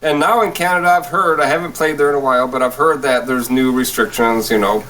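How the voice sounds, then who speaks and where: A man's voice: medium pitch, fairly even intonation, fast talker, bright, forceful tone, a little hiss or hum, rough recording. A man from Michigan, a guest musician chatting casually on a podcast, laid-back and often laughing as he trails off. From Saginaw, Michigan.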